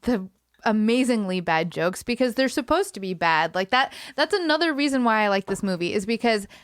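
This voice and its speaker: A woman's voice: medium pitch, lively intonation, brisk, clean tone, dry recording, clean studio sound. A young woman co-hosting a podcast in casual chat, talking in a chatty way with lots of fillers and laughs. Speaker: podcast co-host.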